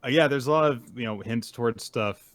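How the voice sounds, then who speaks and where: A man's voice: mid-range voice, fairly quick, fairly bright tone. A man co-hosting a casual podcast, chiming in with joking asides and laughter. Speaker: podcast co-host. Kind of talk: casual recap chat.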